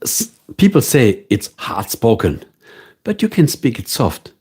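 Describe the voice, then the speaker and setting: Slow-talking husky man with a German accent. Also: medium pitch, huge pitch swings, warm tone. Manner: chatty, answers viewers' questions. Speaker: livestream host. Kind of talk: casual livestream chat.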